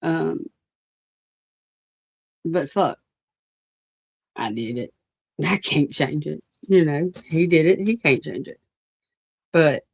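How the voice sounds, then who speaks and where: A woman's voice: sits low, creaky, a little mellow, no echo. A woman rants on a livestream in a blunt, profane and rambling way, with many fillers. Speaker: livestream host. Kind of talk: livestream rant. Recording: dull lo-fi stream audio.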